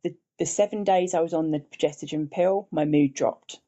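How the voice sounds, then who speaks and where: A woman's voice: low-pitched, moderate pace, dark tone. An older woman from England, a podcast guest, telling her personal story earnestly. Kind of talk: interview conversation. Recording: dull lo-fi remote audio.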